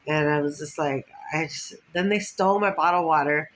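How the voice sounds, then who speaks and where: A woman's voice: low-pitched, normal speed, rough recording. Rambling, profane woman vlogger. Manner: rambling, profane, laughs often. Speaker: vlogger telling stories. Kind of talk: casual storytelling monologue. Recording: faint background noise.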